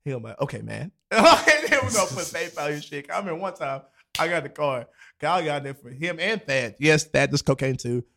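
A man's voice: fairly high pitch, big pitch swings, brisk, creaky, pushed and bright. A young man in casual chat, telling a loose, profanity-laced story full of slang and acted-out quotes.

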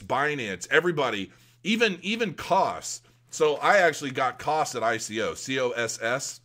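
Bright-voiced rambling male vlogger. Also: medium pitch. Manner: rambling, excitable, many fillers and restarts. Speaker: crypto video host. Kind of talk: casual vlog talk to viewers.

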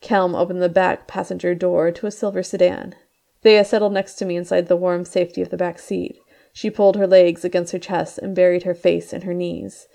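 A woman with a low, gravelly voice reads her own novel aloud in the first person. Her delivery is measured, and she lifts her voice when the characters cry out. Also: flat delivery, warm tone. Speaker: author reading her book. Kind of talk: audiobook-style narration.

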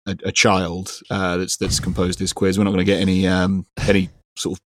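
Give me a low-pitched man hosting a podcast, dry and teasing, in a dead room. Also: completely flat delivery, a little fast, no room sound. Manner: dry, teasing, rambling with many fillers. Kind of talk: casual chat.

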